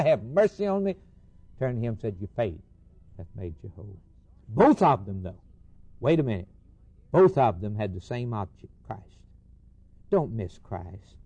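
A man preaching a sermon, rising to emphatic peaks and dropping low and soft, quoting scripture in old wording.

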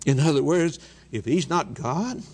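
A man preaching a sermon, emphatic, repeating phrases and dropping low on key words. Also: lively intonation, unhurried, a little mellow, a little hiss or hum.

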